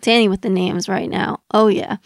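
A woman's voice: medium pitch, steady tone, normal speed, vocal fry, dry recording, studio quality. A woman co-hosting a podcast in casual chat, talking freely with lots of little fillers. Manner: chatty, many fillers, laughs along. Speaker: podcast co-host.

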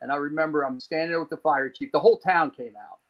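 The audio is dull, and the man's voice is on the high side at a quick pace. He's from New Jersey and appears as a podcast guest, telling a long personal story in which he animatedly voices the people he quotes and swears casually.

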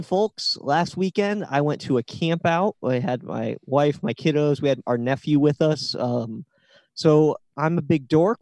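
Man, podcast co-host, slightly high voice, mellow tone, dry close sound, rambling storyteller. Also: dry recording. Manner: chatty storyteller with long build-ups. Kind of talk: casual chat.

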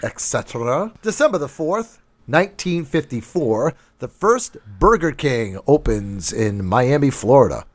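A man's voice: mid-range voice, very animated, a little slow, dry recording. A man co-hosting a podcast in casual chat, telling rambling jokey stories. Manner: joking, rambling storyteller. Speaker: podcast co-host.

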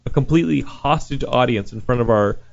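Animated man telling a convention story. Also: medium pitch, fairly quick, gravelly. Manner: animated storyteller, does curse-heavy impressions in quotes. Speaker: podcast host. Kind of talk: casual podcast chat. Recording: dull lo-fi sound.

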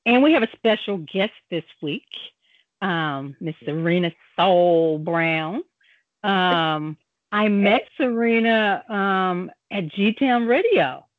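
A woman's voice: mid-range voice, lively intonation, takes it slowly, no echo, phone-quality sound. An older woman, a grandmother, hosting a community radio talk show in a playful, chatty way. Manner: playful, jokey, chatty with fillers. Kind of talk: casual radio chat. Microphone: studio microphone.

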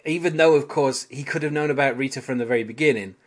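Talking at a quick pace in a medium pitch, this podcast host from Britain chats casually about a sitcom episode. He's rambling and analytical, leaning on fillers as he goes.

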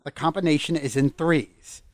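A man's voice: fairly high pitch, normal speed, no room sound, studio quality. A man co-hosting a podcast, narrating a tabletop scene in a storyteller's pace and laughing between lines. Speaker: podcast co-host and game master.

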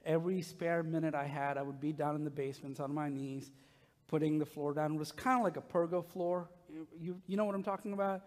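A middle-aged man, a pastor, preaching a sermon with animated, humorous personal stories to his congregation in a church. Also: a little high, brisk. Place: church sanctuary. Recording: long reverb of a large hall.

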